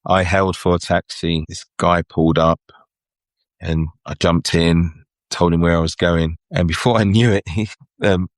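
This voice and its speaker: A man's voice: low-pitched, normal speed, dry recording. A middle-aged man with a London English accent, telling stories as a guest in a casual interview, chatty and laughing often. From England. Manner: chatty, lively anecdotes with frequent laughs. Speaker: guest photographer.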